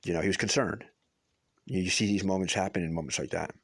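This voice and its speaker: A man's voice: low voice, fast, creaky, slightly rough, no room sound. A middle-aged man telling a personal story in a casual, rambling way, restarting often and swearing for emphasis. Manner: rambling, with many restarts and fillers.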